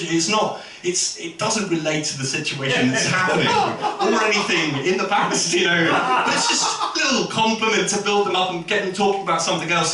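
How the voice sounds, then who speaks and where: A man doing a stand-up comedy set, animated and swearing freely as he acts out the people in his stories. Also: sits high. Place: comedy club stage. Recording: echoey room, mic at a distance, audience noise. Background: audience laughter.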